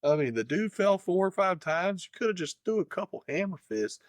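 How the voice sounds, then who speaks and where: Profane, animated male podcast host. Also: sits high, fairly quick, no room sound. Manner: profane, animated, jumps into playful impressions. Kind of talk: casual chat.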